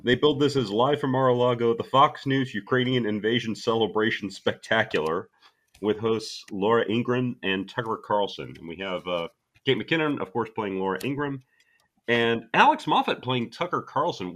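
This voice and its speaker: A man co-hosting a casual comedy podcast, talking in a deadpan, sarcastic way. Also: medium pitch, normal speed. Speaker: podcast co-host.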